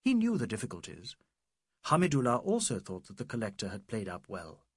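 Male audiobook narrator, husky and very expressive, measured, dry close sound. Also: fairly low pitch, dry recording. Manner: measured literary reading. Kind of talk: scripted narration.

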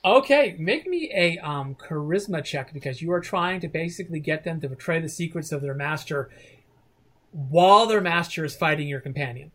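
A game master narrating a tabletop game in a hesitant way, with frequent pauses and restarts. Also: mid-range voice, lively intonation, a bit bright. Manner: hesitant, many fillers and restarts.

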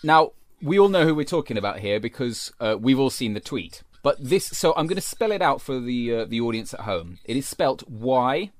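A man's voice: mid-range voice, sing-song, moderate pace, few pauses, no echo. A man co-hosting a comedy podcast, bantering playfully and steering the chat from topic to topic. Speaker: podcast co-host.

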